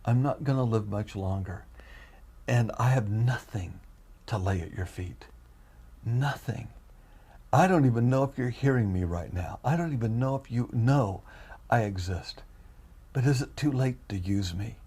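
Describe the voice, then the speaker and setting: A man quietly voicing a humble, frail old man, pleading softly in prayer with a husky voice. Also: mid-range voice, normal speed. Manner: soft, pleading, hushed.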